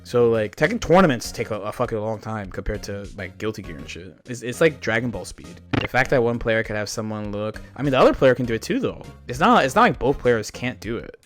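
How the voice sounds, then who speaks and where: A man streaming, telling stories in animated, profane casual chat with frequent laughs. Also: medium pitch, brisk, few pauses, faint music behind. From United States. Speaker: streamer reacting to a video.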